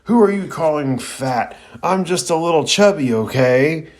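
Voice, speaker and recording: A man's voice: fairly low pitch, sing-song, slow pace, warm tone. A man voicing a cowardly, chubby teenage ninja boy from a cartoon, who talks frantically and roars when angry. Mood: furious. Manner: frantic, then roaring furiously.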